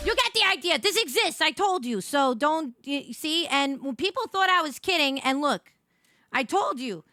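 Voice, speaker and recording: Animated young woman streamer. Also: high-pitched, soft background music. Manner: rambling, swearing, quick self-corrections. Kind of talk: casual live-stream chat.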